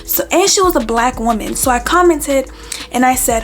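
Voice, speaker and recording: A woman talking on her vlog, telling a story with lively quoted back-and-forth. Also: high-pitched, normal speed, soft background music. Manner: animated, retells arguments with quoted back-and-forth. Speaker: vlogger.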